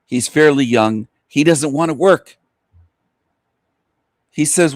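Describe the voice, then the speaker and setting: A man's voice: mid-range voice, expressive, measured pace, pauses often, no room sound, studio quality. A man ranting angrily and with contempt in a profane monologue to his channel. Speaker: channel host.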